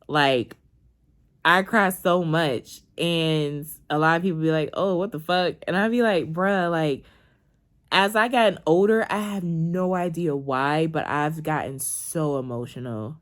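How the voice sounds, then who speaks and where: A woman's voice: deep voice, measured pace. A woman, talking candidly and emotionally in a rambling, casual confessional vlog, swearing freely. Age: 20s. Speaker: vlogger.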